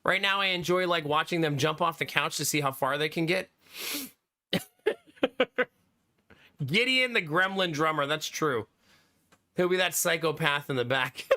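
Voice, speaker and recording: Bright guy streamer in his 30s, slightly high voice, rambling chat and laughing. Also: expressive, measured pace, long pauses. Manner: chatty, laughs often, reads chat aloud. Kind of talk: casual live-stream chat.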